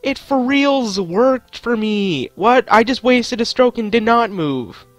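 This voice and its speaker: A man's voice: extremely high pitch, animated, slow, no room sound, faint music behind. A young man commentating his own gameplay, joking to himself and swearing at the game. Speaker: gaming channel host.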